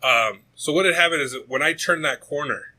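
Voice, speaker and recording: Podcast co-host, young adult man, husky and bright, swears constantly, rambles and tells stories with heat. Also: a little high, a little fast, poor audio. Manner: profane, rambling and animated. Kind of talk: casual storytelling chat.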